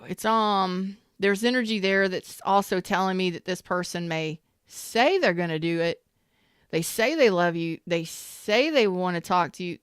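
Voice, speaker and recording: Woman, tarot reader, smooth clear voice, dry close sound, emphatic and repetitive. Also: fairly low pitch, no room sound. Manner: repetitive and emphatic, swears when worked up. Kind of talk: casual tarot reading.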